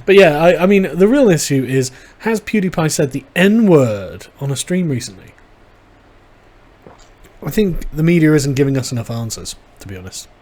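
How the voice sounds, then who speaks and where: A man's voice: fairly high pitch, darkish tone. A man hosting a casual livestream, reading viewer chat aloud and reacting with wry, sarcastic asides. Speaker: livestream host.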